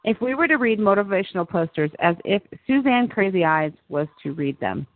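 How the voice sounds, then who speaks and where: A woman's voice: medium pitch, animated, brisk. Chatty woman on a tinny line. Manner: chatty, laughs often, repeats words. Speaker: show host. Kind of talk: casual chat about TV. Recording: tinny phone-like line, dry.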